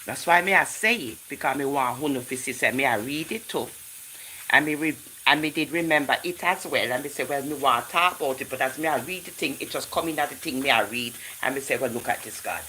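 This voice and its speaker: A woman with a very deep voice and a Jamaican accent speaks briskly as she hosts a casual livestream. She reads scripture in a lively, preachy way and thanks chat viewers by name, all captured on a low-quality recording with slight background noise.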